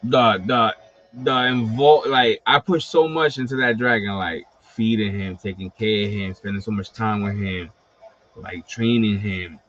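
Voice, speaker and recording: A man hosting a livestream, talking casually in an animated, profane storytelling style full of fillers. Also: fairly low pitch, a little slow. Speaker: host of a wrestling collectibles livestream. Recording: slightly dull lo-fi stream audio.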